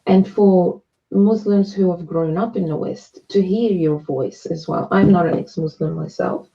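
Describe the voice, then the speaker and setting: Low gravelly woman, earnest and measured. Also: mellow, dull audio. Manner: earnest, measured, with many restarts. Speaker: guest speaker. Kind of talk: live online discussion.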